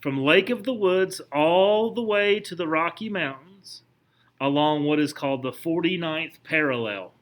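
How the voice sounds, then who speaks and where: A man lectures a history class in a fairly high voice. He talks conversationally, stopping often to quiz the students. He restarts his sentences as he goes. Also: a little slow. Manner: conversational, asks the class questions, frequent restarts. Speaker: history teacher.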